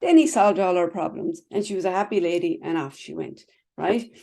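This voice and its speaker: A woman's voice: on the low side, fairly quick, vocal fry, warm tone. A woman teaching a class over a video call, chatty, explaining with everyday images and checking in with "right?" and "okay?" after nearly every phrase. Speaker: wellness instructor.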